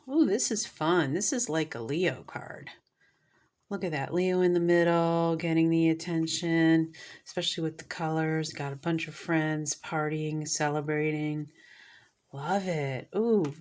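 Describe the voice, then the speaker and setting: A woman giving a casual tarot reading, gushing and sometimes dropping into soft whispers. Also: low voice. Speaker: tarot reader.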